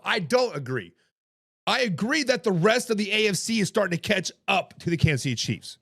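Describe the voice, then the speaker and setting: Hoarse from coaching, a male podcast host chats with his audience during a casual sports talk livestream. His voice sits high and is a bit bright yet heavily gravelly and hoarse, recorded dry and close with no echo.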